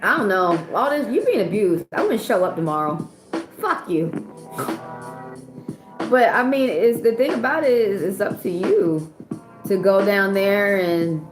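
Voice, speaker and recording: A woman's voice: fairly low pitch, lively intonation, moderate pace. American woman, livestream tarot host, blunt and salty, echoey room, music underneath. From United States. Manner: blunt, profane, rambling advice. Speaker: tarot reader hosting a livestream. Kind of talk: casual livestream chat.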